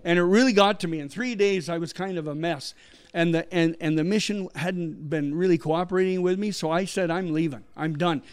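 A middle-aged man from Canada, a missionary guest telling a story with animated delivery and acted-out quotes. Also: high-pitched, a little fast, clean tone. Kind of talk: storytelling interview.

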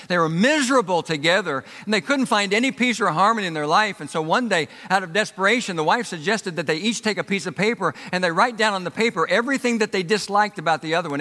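A man preaching from the pulpit with a bright, ringing tone and a voice pitched a little high. He pushes his points hard, then drops low for emphasis, and the sound hangs in the long echo of a church hall. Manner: emphatic preaching, swelling and dropping for effect. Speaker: pastor. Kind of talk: sermon.

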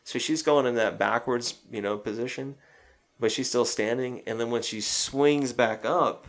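A man's voice: mid-range voice, moderate pace. A man co-hosting a casual film talk, retelling a horror movie scene by scene and acting out its lines. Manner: loose retelling, acts out quoted lines. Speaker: podcast co-host.

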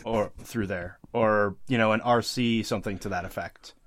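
A man's voice: fairly low pitch, fairly even intonation, moderate pace, a bit bright. Playful man trailing into laughs. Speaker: podcast co-host. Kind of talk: casual chat.

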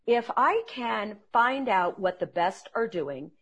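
A woman who trains salespeople, speaking as an interview guest and telling earnest, animated stories. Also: a little high, takes it slowly, slightly rough.

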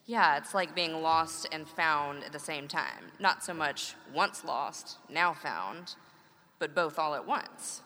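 A woman in her thirties, a mother and co-host, trades wry, playful lines in a scripted conversational read. Her voice is bright and forward, pitched on the lower side. A long hall-like reverb trails each phrase. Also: takes it slowly.

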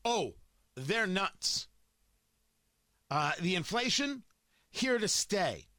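A man's voice: high-pitched, sing-song, very slow, sharp tone, no echo, studio quality. A man hosting political commentary, combative and emphatic, firing off rhetorical questions and repeating points for effect.

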